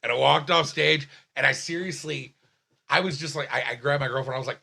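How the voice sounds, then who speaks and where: Young male comic, loud and profane, bright gravelly voice, excitable storyteller. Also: mid-range voice, fairly quick. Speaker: comedian guest. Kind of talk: animated storytelling in casual chat.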